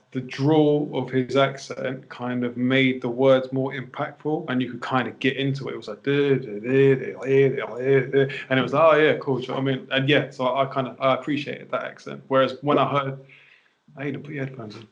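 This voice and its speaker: A man's voice: medium pitch, fairly even intonation, brisk, vocal fry, muffled recording. A man from England with a Bournemouth accent, a rapper guest chatting loosely and swearing a lot on a podcast. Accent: Bournemouth English. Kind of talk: casual podcast chat.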